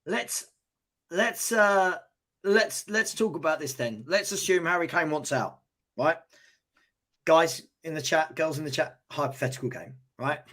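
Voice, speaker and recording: A man co-hosting a live football fan stream, animated and posing questions with stammering restarts. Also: fairly high pitch, a little slow.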